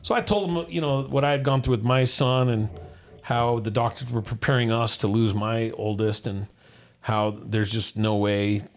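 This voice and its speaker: A middle-aged man from Utah tells a personal story on a podcast. He talks earnestly and at length, circling back with many restarts and fillers, at an ordinary mid pitch. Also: fairly even intonation, moderate pace. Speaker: podcast co-host. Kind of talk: casual chat, personal story.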